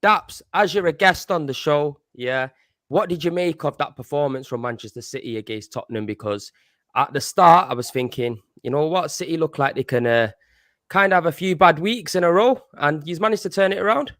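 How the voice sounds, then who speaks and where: A man's voice: a little high, expressive, fairly quick, a bit bright, no echo, studio quality. A man hosting a casual football podcast, laid-back and slangy. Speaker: podcast host.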